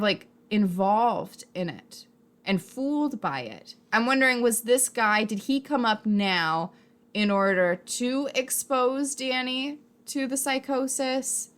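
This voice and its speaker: A young woman co-hosting a casual TV review chat, animated and full of questions as she speculates. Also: on the high side, measured pace. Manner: animated, wondering aloud with many questions. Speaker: podcast co-host reviewing a TV series.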